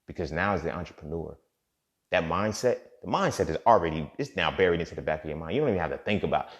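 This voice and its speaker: A man's voice: low voice, lively intonation, fast talker. A man hosting a casual motivational monologue, talking in profane street slang and often asking "you feel me". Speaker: podcast host. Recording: dull lo-fi recording.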